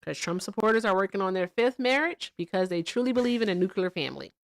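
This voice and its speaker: A woman of medium pitch chats with her livestream audience, quick to laugh and to tease. She tells stories by mimicking others in a much higher voice. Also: expressive. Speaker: livestream co-host. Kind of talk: casual livestream chat.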